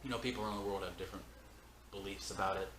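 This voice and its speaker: A man's voice: low-pitched, fairly even intonation, racing, fairly bright tone, a little hiss or hum. A man from Georgia musing in a casual chat, self-deprecating and trailing off in restarts, in a room of an old house. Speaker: co-host, band member. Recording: echoey room, faint ambience.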